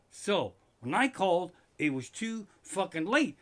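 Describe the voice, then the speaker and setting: Swearing, bright-voiced comedian. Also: male voice, high-pitched, animated, moderate pace, hardly any pauses. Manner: loud, swearing, rising to shouting rants. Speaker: comedian hosting a live stream. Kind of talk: profane stand-up storytelling. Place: living room at home.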